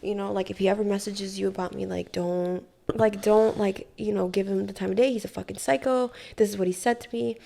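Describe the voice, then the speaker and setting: Gravelly young woman telling a story. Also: medium pitch, fairly quick, hardly any pauses. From Hawaii. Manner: profane, animated, heavy use of "like". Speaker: podcast guest. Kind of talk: casual storytelling interview.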